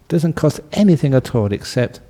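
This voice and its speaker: A man who is a Buddhist monk giving a relaxed, humorous dharma talk and telling a story, often laughing. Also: on the high side, slow pace.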